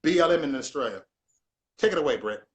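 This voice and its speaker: A man's voice: on the high side, expressive, fast talker. A man hosts a casual livestream. He preaches in an emphatic, repetitive way and keeps circling back to the same point. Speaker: livestream host.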